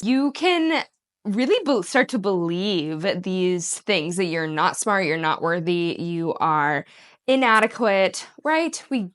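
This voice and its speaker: Woman self-help coach, earnest and upbeat, mid-pitched, talking straight to the viewer. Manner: earnest, encouraging, breaks into bright mock-cheery voices for quoted lines. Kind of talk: casual talk to camera.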